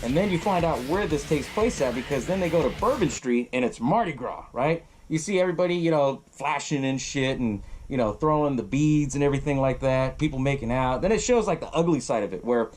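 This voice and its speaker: A podcast host, a man, retelling a horror film in a loose, profane way and laughing often. His pitch jumps around a lot as he narrates. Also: expressive, fairly quick, few pauses, darkish tone, soft background music. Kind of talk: casual film recap.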